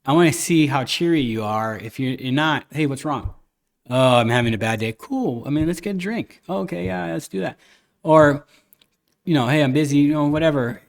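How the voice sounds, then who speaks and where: A man's voice: fairly high pitch, lively intonation, normal speed, creaky. A man hosting a podcast, telling stories and opinions in a candid, rambling casual chat. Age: adult, a father. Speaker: podcast host.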